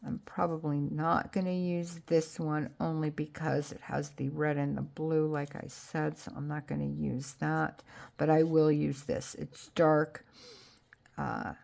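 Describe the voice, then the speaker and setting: A woman hosting a crafting vlog, chatting excitedly to viewers about her projects and apologizing with a laugh when she bumps the camera. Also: sits low, unhurried, vocal fry. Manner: gushing, excitable, talks to viewers while handling crafts; self-deprecating, apologetic asides. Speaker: crafting channel host. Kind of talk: casual crafting vlog chat.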